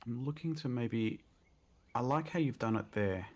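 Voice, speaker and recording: Husky-voiced man. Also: medium pitch, normal speed. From Australia. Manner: easygoing, thinking aloud. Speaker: guest streamer. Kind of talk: casual game stream chat.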